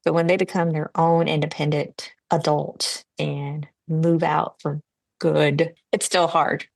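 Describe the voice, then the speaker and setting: Middle-aged lady on a podcast, deep creaky voice, supportive, dry mic. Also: little pitch movement, takes it slowly, darkish tone, dry recording. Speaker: podcast co-host. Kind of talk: casual chat.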